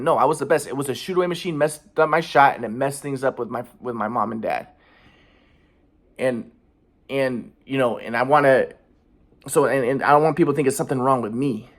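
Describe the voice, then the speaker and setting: A man in his thirties, talking in his apartment in an aggrieved, rambling, repetitive monologue. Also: fairly high pitch. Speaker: vlogger. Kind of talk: monologue to camera. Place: apartment by an alleyway.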